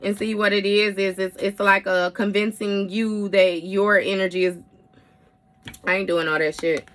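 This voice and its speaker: A woman's voice: medium pitch, little pitch movement, moderate pace, fairly bright tone. A woman giving a casual tarot reading in a blunt, heavily profane way, with frequent mm-hmms. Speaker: tarot reader.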